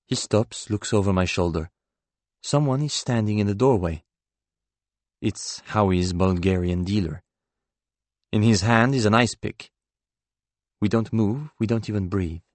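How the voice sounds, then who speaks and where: Male audiobook narrator, very low voice, dry close sound, measured first-person read. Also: dry recording.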